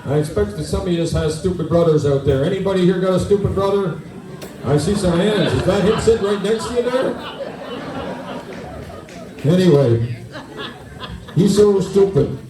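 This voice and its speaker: A man's voice: high voice, moderate pace, pauses often, roomy sound, far from the mic, background noise. A man with a Newfoundland accent doing stand-up in front of an audience, telling folksy jokes and talking with the crowd. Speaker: stand-up comedian. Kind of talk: stand-up storytelling in character. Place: event hall with an audience.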